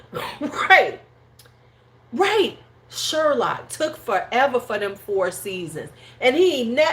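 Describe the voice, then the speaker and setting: A woman's voice: a little high, a bit bright. A woman hosting a casual livestream chat at home, rambling and slangy. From United States. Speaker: host.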